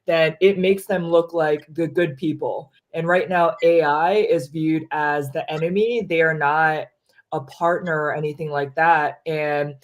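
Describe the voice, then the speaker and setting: A woman hosting a casual chat over a meal, talking quickly and loosely with lots of "like" and "you know". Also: low-pitched, fairly even intonation, muffled recording. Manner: casual, fast-talking, peppered with "like". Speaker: host.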